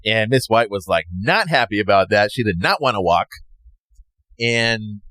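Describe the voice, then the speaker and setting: A man tells a personal story in a loose, rambling way, his pitch swinging widely as he acts out what other people said. The sound is dry and close, with no room around it. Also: animated, measured pace, fairly bright tone, no room sound. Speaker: podcast host.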